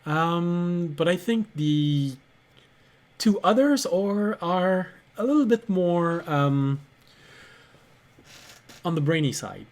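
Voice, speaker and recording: A man's voice: high-pitched, expressive, slow, pauses often, a little mellow. A man narrating as game master in a tabletop game, friendly and laughing often, with many fillers.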